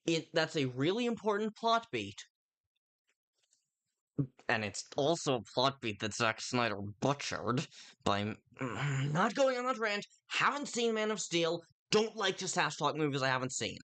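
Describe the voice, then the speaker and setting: A livestreamer rambles through casual spoken commentary on a film, often breaking off mid-sentence to start over and speaking directly to viewers in chat. The voice is mid-range, sing-song and a bit bright, at a measured pace.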